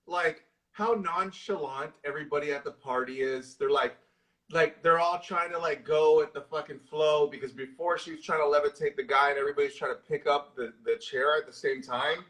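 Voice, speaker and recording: Excitable, swearing, high-voiced man. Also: fairly quick. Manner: excitable, profane, storytelling with lots of swearing. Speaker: horror movie discussion co-host. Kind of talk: casual chat. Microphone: live social video stream.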